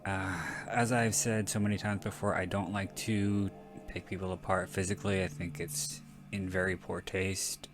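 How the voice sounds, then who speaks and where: Male podcast host, deep voice, rambling frank film commentary, casual swearing. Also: level tone, normal speed, over music.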